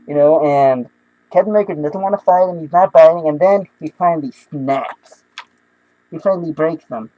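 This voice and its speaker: A young man casually reviewing comic books, excitable and rambling with many restarts. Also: fairly high pitch, fast talker, no room sound, dull audio.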